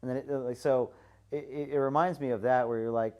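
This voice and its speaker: A man hosting a podcast in casual chat, acting out quoted voices with big jumps in pitch. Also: fairly even intonation, fast talker, a little mellow.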